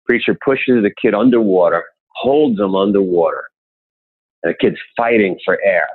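A man with a fairly low voice tells motivational stories in an interview. He gets animated and acts out the people he quotes. His voice comes through a narrow, tinny, phone-like line. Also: normal speed, breathy edge. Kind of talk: motivational storytelling.

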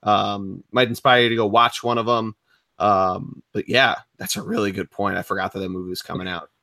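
A man's voice: on the low side, steady tone, brisk, vocal fry, sharp tone, no room sound, studio quality. A young man co-hosting a sports podcast, chatting casually and rambling, with loose swearing. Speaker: podcast co-host.

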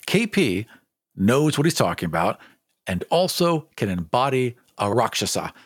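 A man's voice: mid-range voice, big pitch swings, normal speed, breathy edge, dry recording, studio quality. A man co-hosting a podcast, chatting casually with an easygoing, teasing manner. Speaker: podcast co-host and editor. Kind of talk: casual chat.

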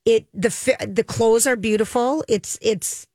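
A woman co-hosting a pop culture podcast, chatting casually about TV with quick reactions and filler words. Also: a little high, a little mellow, no echo. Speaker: podcast co-host. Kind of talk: casual chat.

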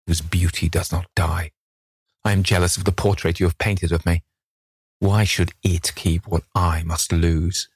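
A man's voice: low-pitched, husky, no echo, clean studio sound. A man reading an audiobook and voicing a beautiful, vain young man who speaks emotionally and pleadingly. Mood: jealous.

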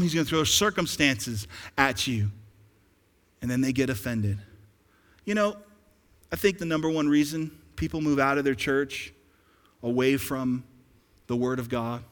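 A male pastor preaching a sermon with a bright, forceful voice pitched somewhat high. He questions his congregation and drives his points home with emphatic rises. His voice rings with the long reverb of a large hall. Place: church sanctuary.

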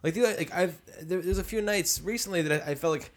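A man's voice: high-pitched, fast talker. A man in casual podcast chat, blunt and wry, swearing now and then.

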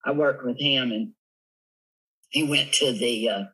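A man with a Southern US accent, a guest telling funny stories in a giggly, animated way. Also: mid-range voice, unhurried, husky, low-quality recording. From Tennessee, USA. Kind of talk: casual storytelling interview.

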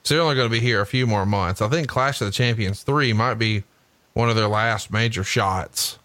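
Profane, bright-voiced man, dry sound. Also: lowish voice, brisk, dry recording. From Huntsville, Alabama. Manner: profane, jokey, laughs often. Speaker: podcast co-host. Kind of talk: casual wrestling chat.

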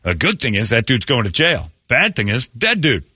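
A man hosting a casual morning radio show, telling animated stories and acting out quotes in a raised voice. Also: mid-range voice, normal speed, husky, no echo, studio quality.

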